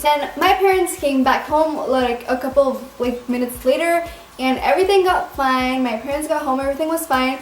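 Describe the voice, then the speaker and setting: Young woman storytime vlog, high voice, lots of swearing and likes, echoey room. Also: fairly quick, slight background noise. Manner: dramatic, swears a lot, many fillers. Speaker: vlogger. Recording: roomy echo.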